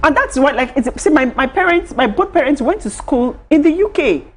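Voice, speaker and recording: A woman's voice: high voice, expressive, a little fast. A woman with a Nigerian accent on a studio talk panel, making her points emphatically and repeating herself as she builds an argument.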